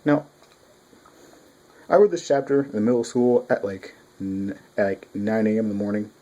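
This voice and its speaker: Rambling, excitable young man reviewing manga. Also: lowish voice, fairly quick. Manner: rambling and excitable, with frequent restarts and swearing. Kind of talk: casual spoken review.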